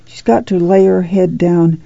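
A woman reading the part of a worn-out, grieving farm mother in a quiet, low voice, on a dull lo-fi recording. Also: level tone, measured pace, gravelly, dry recording. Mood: weary, grieving. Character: weary, grieving farm mother, middle-aged.

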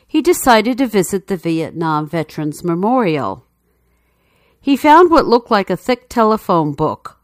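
A woman telling a true story as scripted narration, in a measured, steady way. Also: on the low side, no room sound, studio quality.

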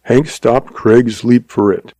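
A man narrating a story in an even, measured reading. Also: mid-range voice, dry recording.

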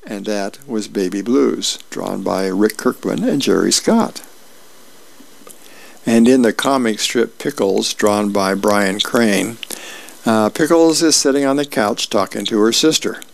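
A middle-aged man volunteering as a reader, reading newspaper comics and celebrity birthdays aloud in a friendly, unhurried way with small asides. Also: lowish voice, creaky.

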